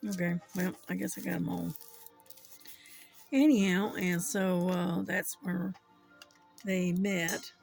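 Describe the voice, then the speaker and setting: An older host with a Southern US accent, talking slowly and unhurriedly in a gravelly voice. The chat rambles from one story to the next, broken up by soft chuckles, with faint music playing underneath. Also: medium pitch, fairly even intonation. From Southern United States. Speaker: channel host.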